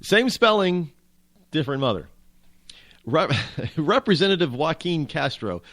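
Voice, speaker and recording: A man hosting a talk radio show, rambling and wry, with frequent restarts as he muses aloud. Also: on the high side. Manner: rambling, wry, self-interrupting. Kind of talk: casual talk radio monologue.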